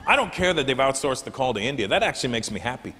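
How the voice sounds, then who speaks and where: Man, stand-up comedian, brash, profane, crowd banter, animated delivery, echoey live hall, audience noise. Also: medium pitch, fast.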